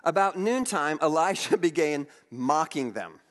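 A man's voice: on the high side, unhurried, big-room sound. A man preaching a storytelling sermon, retelling and reading scripture with many restarts. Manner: animated, restarts often, reads scripture aloud. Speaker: pastor.

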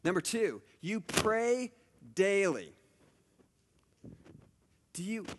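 A man's voice: fairly high pitch, normal speed, fairly bright tone, in a large hall, slight background noise. A middle-aged man preaching a conversational sermon, telling stories with lots of asides and restarts. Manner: chatty storytelling, many asides and restarts. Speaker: pastor.

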